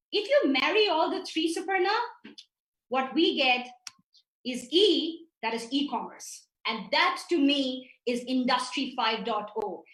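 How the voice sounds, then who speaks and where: A woman's voice: high voice, fairly bright tone, distant mic. A woman giving an emphatic business presentation over a video call, walking through her slides. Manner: emphatic, with some restarts. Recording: roomy, from off the mic.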